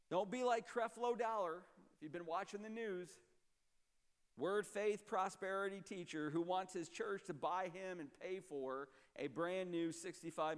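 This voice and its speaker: A man preaching a sermon as a pastor, emphatic and explanatory, often dropping to a low, quiet voice. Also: big-room sound.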